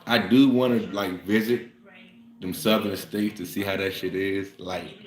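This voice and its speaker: A man's voice: low voice, steady tone, measured pace. A man in a casual monologue, ranting in a profane, fired-up way. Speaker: vlogger. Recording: roomy echo.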